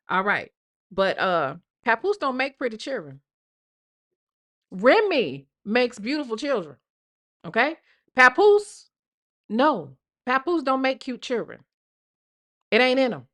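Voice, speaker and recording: Woman, live stream host, bright forceful tone, profane casual gossip delivery. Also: fairly high pitch. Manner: blunt, profane, repeats "okay?". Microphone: live stream mic.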